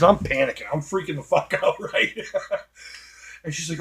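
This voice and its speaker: A middle-aged Boston man with a matching accent hosts a retro gaming show, telling a long, profane story while he plays an old video game, packed with fillers and asides. His voice sits a little high and a bit bright, moving fairly quickly but broken by long pauses, in the manner of casual gameplay commentary.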